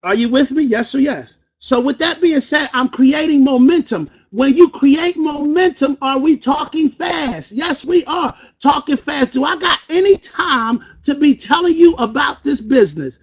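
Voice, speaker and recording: A man leading a sales training session, fast and energetic, asking the audience questions and acting out phone calls. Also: very high voice. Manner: fast, call-and-response, acts out phone calls. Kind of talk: energetic motivational training talk. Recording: dull lo-fi recording.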